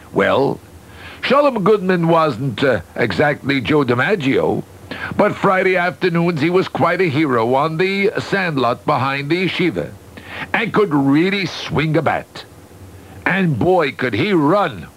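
A man reading a children's story aloud, lively and expressive, with occasional fillers. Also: fairly high pitch, measured pace, poor audio.

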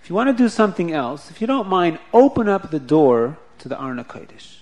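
Sex: man. Figure: deliberate, insistent rabbi voiced by a male storyteller. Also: fairly high pitch, sing-song, darkish tone. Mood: gently insistent. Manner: measured, deliberate requests.

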